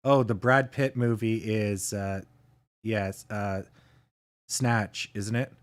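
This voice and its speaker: Slow-talking man chatting on a livestream. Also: fairly low pitch. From Canada. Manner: relaxed, chuckling often, chatting with viewers. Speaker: livestream host. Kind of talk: casual livestream chat.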